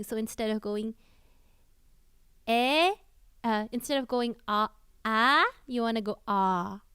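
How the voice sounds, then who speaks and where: A woman's voice: on the high side, clear, resonant tone, no room sound, studio quality. A woman VTuber streamer giving casual singing tips to her chat, loose and full of fillers. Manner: chatty, loose, many fillers and restarts. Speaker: VTuber streamer and cover singer.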